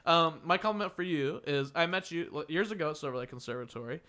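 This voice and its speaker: A man's voice: fairly high pitch, quick pace, sharp tone. A young man hosting a podcast, chatting casually, laughing often and rambling with fillers. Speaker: podcast host. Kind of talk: casual chat.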